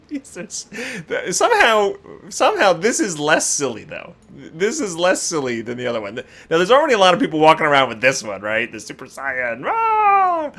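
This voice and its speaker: A man hosting a casual gaming video, reacting with animated exclamations and laughter. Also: a little high, normal speed. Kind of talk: casual game commentary.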